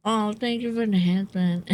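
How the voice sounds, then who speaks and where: A young woman streamer chatting casually with viewers in a low, groggy voice from just waking up, laughing and swearing easily while she eats. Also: a little mellow. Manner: laid-back, laughs often, swears casually, chats with viewers while eating. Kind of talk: casual live-stream chat.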